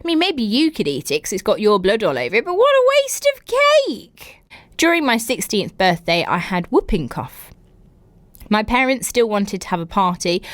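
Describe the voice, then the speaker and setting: A woman's voice: mid-range voice, no room sound. Giggly woman hosting a podcast. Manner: giggly, frequent laughter while reading; incredulous, exclaiming reactions. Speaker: podcast host. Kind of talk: reading listener stories with reactions.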